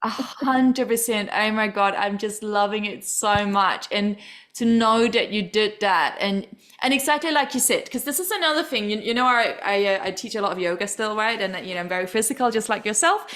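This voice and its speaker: A woman's voice: medium pitch, moderate pace, a bit bright. A woman hosting a podcast, gushing and enthusiastic, swearing freely in casual chat. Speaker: podcast host.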